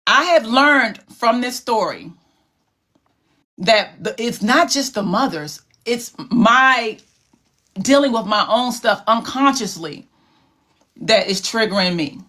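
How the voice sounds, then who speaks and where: A woman's voice: fairly high pitch, expressive, takes it slowly, sharp tone. A woman hosting a livestream, talking to her viewers in a casual, emotional, heartfelt way. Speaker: livestream host.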